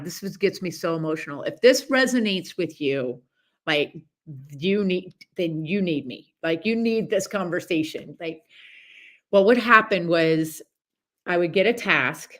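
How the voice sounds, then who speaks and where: A middle-aged woman hosting a podcast, talking in a chatty, animated way with many asides and restarts as she gives a casual motivational talk. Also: lowish voice, moderate pace. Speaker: podcast host.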